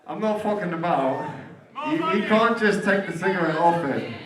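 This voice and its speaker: A man's voice: sits high, animated, normal speed. A man addressing a crowd casually, rambling with fillers and restarts. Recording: echoey live room with music behind.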